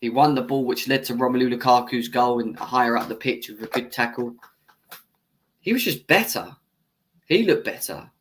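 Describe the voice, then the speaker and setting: A man's voice: mid-range voice, animated, normal speed, slight background noise. A young man hosting a football fan live stream, hot-tempered and swearing as he argues with viewers in the chat. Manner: heated, swearing, arguing with chat; laughs off his own bias. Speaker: football fan channel host. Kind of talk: live-stream match reaction rant.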